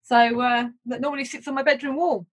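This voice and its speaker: A woman's voice: sits high, steady tone, a little fast, slight background noise. A woman co-hosting a podcast on a video call, chatting in an enthusiastic, upbeat way. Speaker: podcast co-host. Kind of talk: casual chat on a video call.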